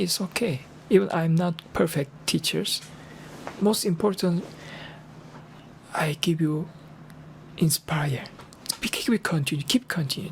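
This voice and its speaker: An older Korean man with a Korean accent and a hoarse, strained voice, chatting casually as a teacher in broken English with earnest encouragement. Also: fairly high pitch, a little hiss or hum. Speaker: Arabic and Islam teacher. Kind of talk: casual livestream talk.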